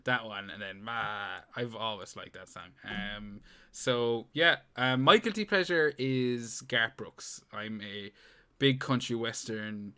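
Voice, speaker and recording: A man's voice: lowish voice, slow pace, pushed and bright, smooth. A young man co-hosting a podcast, rambling, joking and swearing in casual banter. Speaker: podcast co-host.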